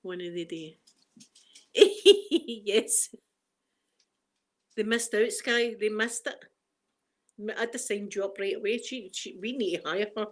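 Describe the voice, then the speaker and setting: A woman's voice: medium pitch, slow, long pauses. A middle-aged woman with a Scottish accent chatting casually on a live stream, reading the chat and laughing often. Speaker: ASMR streamer.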